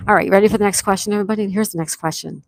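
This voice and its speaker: A woman hosting a casual live-stream trivia game, greeting viewers by name, reading their chat replies aloud and repeating questions slowly. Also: medium pitch, fairly even intonation, gravelly, dry recording. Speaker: livestream trivia host.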